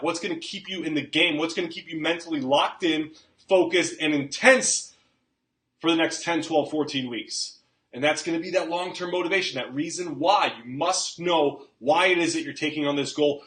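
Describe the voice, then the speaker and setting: Emphatic fitness coach, higher voice, echoey. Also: male voice, fairly bright tone. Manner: emphatic, repeats "okay?", acts out quotes. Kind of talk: motivational talk to camera.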